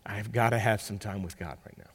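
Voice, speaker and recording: A man preaching a sermon, telling stories with big swings between loud bursts and quiet, close talk. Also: lowish voice, fairly quick, slightly rough. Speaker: pastor. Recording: long hall reverb.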